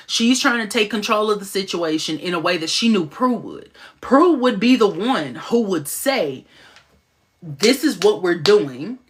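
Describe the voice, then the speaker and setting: A woman giving casual live-stream commentary on a TV show, talking fast and excitedly, with sudden high-pitched asides.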